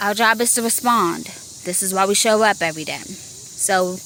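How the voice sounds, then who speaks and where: A woman's voice: mid-range voice, expressive, moderate pace, fairly bright tone, slight background noise. A woman hosting a podcast, talking in a casual monologue about her work as a 911 telecommunicator, emphatic and repeating herself as she makes her point.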